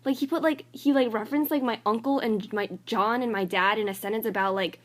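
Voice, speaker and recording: A woman's voice: on the high side, steady tone, a little fast. A young woman, a college student, venting to her phone camera in a casual vlog, rambling and filling nearly every phrase with "like". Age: young adult. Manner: rambling, filler-heavy, says "like" constantly; annoyed and exasperated.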